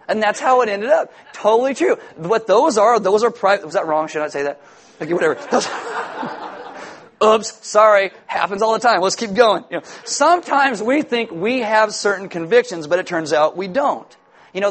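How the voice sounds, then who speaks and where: A middle-aged man preaching a sermon to a congregation as pastor, in a lively, joking manner that acts out the voices he quotes. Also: high voice, a little fast. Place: church sanctuary before a congregation.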